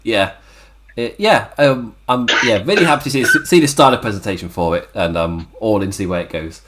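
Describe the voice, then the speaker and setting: Brief: hoarse man, animated pitch, chatty, self-mocking podcast co-host. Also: fairly quick, heavy background noise. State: hoarse, worn-out throat. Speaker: podcast co-host reviewing wrestling. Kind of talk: casual chat.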